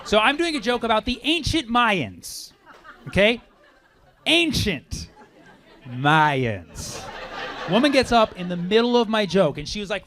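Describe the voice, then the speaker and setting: Male stand-up comic, slightly high voice, sarcastic and animated, live club recording with a loud crowd. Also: unhurried. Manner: animated, sarcastic, with put-on voices for quoted people. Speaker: stand-up comedian. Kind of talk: stand-up comedy set. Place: comedy club stage before a live audience. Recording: live club audio with audience laughter and noise. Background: audience laughing.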